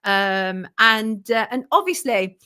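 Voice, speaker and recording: A woman's voice: fairly high pitch, animated, slow pace, clear, resonant tone. A woman hosting a livestream, reading viewer comments aloud and answering them bluntly. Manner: blunt and self-declared belligerent, thanking viewers warmly. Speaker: journalist and show host.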